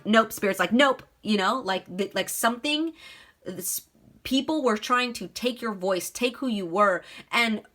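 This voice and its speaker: A woman's voice: medium pitch, fairly bright tone. A woman giving a casual tarot reading, talking straight to her viewers in a chatty, reassuring way. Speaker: tarot reader.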